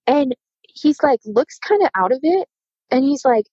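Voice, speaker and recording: Her voice is high and husky, moving at a moderate pace as she, a podcast guest in her thirties, shares a dramatic personal story casually and acts out everyone's lines with animation. The recording is dry, with the highs cut off.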